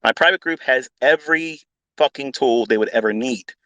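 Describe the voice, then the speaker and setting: Brief: male trading mentor, foul-mouthed and emphatic, dry close sound, mid pitch. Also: moderate pace, pushed and bright, dry recording, poor audio. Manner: blunt, swearing, repetitive, emphatic. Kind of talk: unscripted profane rant.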